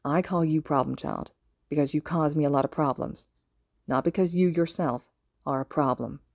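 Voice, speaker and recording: A woman doing a low, quiet, weary male teacher. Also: normal speed, gravelly, no echo, clean studio sound. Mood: gentle, serious. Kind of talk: fan audiobook reading.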